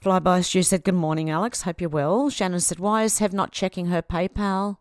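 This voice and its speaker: An Australian woman in her fifties hosts a relaxed livestream, reading out viewer comments and chatting back to them. Her voice is lowish with fairly even intonation and a moderate pace, recorded in studio quality with no echo.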